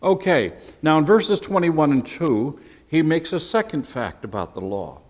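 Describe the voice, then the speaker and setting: A man, a pastor, teaching a sermon in an animated, emphatic and conversational way. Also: fairly high pitch, unhurried, in a large hall.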